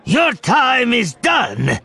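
A man's voice: very high voice, huge pitch swings, extremely slow, vocal fry, bright, forceful tone, slightly rough, a faint crowd, pitched above the performer's own voice, exaggerated voice. A man voicing a frightened but defiant alien man who growls in a shaky voice.

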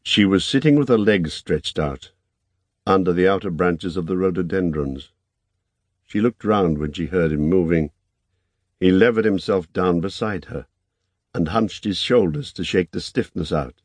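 Deep-voiced man reading an audiobook. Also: no echo. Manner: calm, measured reading. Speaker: narrator. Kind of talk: audiobook narration.

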